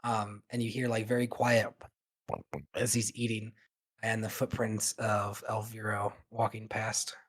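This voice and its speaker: A man's voice: fairly low pitch, monotone, unhurried. A man narrating a tabletop game as game master, in a loose style full of fillers.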